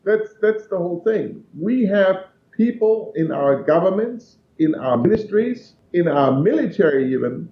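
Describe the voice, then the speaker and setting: A man's voice: sits high, lively intonation, unhurried, few pauses, slight background noise. A man giving blunt, emphatic answers as a guest in a political interview. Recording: dull, echoey remote line.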